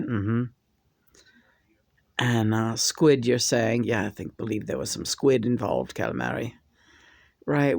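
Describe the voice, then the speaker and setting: A woman hosting a vlog tells a candid personal story at an unhurried pace. She rambles and turns animated when she quotes herself. The sound is dry and close. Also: very deep voice, no echo. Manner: rambling, animated when quoting, frequent laughs. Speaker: vlog host.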